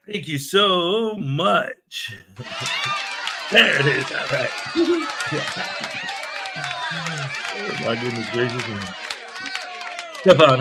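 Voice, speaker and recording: A man hosting a casual morning livestream, chatty and jokey as he reads viewer comments aloud. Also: fairly high pitch. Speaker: livestream show host.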